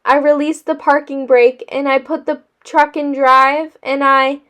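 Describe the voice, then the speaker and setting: A woman's voice: high-pitched, little pitch movement, a little slow, fairly bright tone. A woman reading as a wordy, self-pitying boy. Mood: formal, aggrieved. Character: dramatic, wordy boy with dark glasses.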